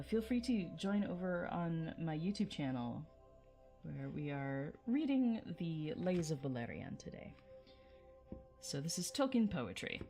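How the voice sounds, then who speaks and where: Female streamer, low voice, chatty, reads verse aloud, faint music behind. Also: warm tone. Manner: chatty, laughs often, greets chat viewers. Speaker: livestream host reading and reviewing poetry. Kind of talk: casual livestream chat and poetry reading.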